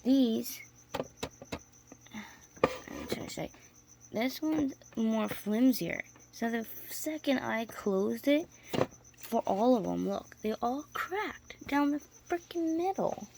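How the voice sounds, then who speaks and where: A woman's voice: fairly high pitch, animated, slow pace, creaky, pauses often. A woman chatting casually to camera about keeping tarantulas, rambling and restarting as she goes, and cooing to her spiders now and then. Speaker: tarantula keeper vlogger. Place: home room with spider enclosures. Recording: faint insect noise behind.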